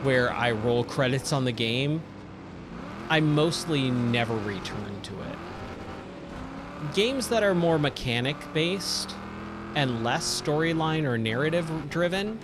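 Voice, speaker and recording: A man's voice: medium pitch, animated, a little slow, background noise. Chatty man streaming a game. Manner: rambling, chatty, with many fillers and restarts. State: voice getting a little worn. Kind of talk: casual live-stream commentary.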